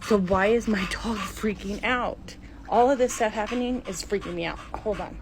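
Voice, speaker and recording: A woman's voice: medium pitch, normal speed. A frightened middle-aged woman filming her own house on a phone, whispering and exclaiming indoors. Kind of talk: handheld phone video. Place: indoors at home. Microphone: phone camera. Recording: noisy home phone recording.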